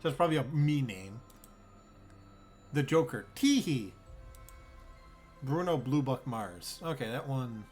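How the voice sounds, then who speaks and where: A man's voice: mid-range voice, expressive, moderate pace, long pauses, a little mellow, soft background music. A man streaming a zoo-building game, musing aloud in a bemused, rambling way and swearing freely. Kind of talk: casual gameplay commentary.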